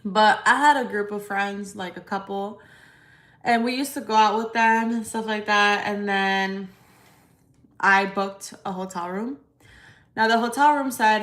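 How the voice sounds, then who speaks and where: Woman, casual livestream rant, profane, emphatic, mid-pitched, echoey room. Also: measured pace, a bit bright. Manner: blunt, profane, emphatic ranting. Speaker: livestream host, credit repair business owner. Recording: roomy echo.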